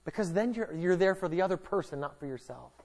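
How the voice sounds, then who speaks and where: Speaking quickly in a high register with some vocal fry, this middle-aged man is a pastor preaching in a relaxed, joking way. He alternates between energetic emphasis and quiet, earnest moments.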